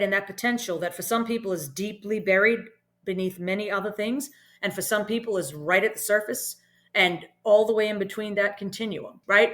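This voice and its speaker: A middle-aged woman from Boston talks as an interview guest at a medium pitch. She is earnest and reflective, and she builds her points in long explanations that she keeps punctuating with "right?". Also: fairly bright tone. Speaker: podcast guest, leadership consultant. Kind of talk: casual interview talk.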